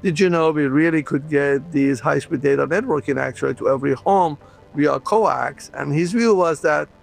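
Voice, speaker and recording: Gravelly man from the Middle East recounting. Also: on the high side, faint music behind. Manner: earnest, halting, with fillers. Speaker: inventor interviewee. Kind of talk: recounted interview.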